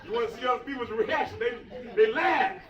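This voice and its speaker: A male stand-up comedian doing loud, playful crowd work in a comedy club, laughing often. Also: extremely high pitch, fairly quick, noisy background. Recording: roomy live club audio from a distance, dull. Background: loud audience laughter.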